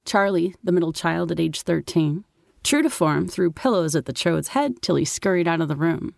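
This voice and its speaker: A woman's voice: lowish voice, lively intonation, normal speed, vocal fry, darkish tone, no echo, clean studio sound. A woman reading a first-person story in a wry, sardonic way. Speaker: narrator. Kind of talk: first-person audiobook narration.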